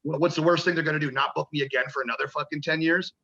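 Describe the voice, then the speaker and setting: A man's voice: on the high side, steady tone, racing, bright, forceful tone, lo-fi sound. A man, a pro wrestler, telling rambling, profane stories in a casual interview and acting out the voices of people he quotes.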